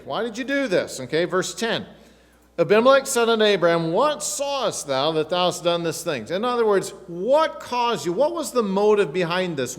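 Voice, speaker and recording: A middle-aged pastor preaches with emphatic questions and conversational asides. His voice sits high for a man. It rings with the long reverb of a church hall. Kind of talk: sermon. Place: church sanctuary.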